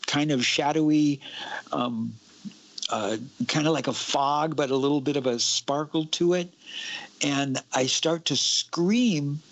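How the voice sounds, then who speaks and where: A man's voice: medium pitch, rough recording. A young man on a talk show, telling a personal ghost experience in a casual, suspenseful way. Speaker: guest. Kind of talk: casual storytelling.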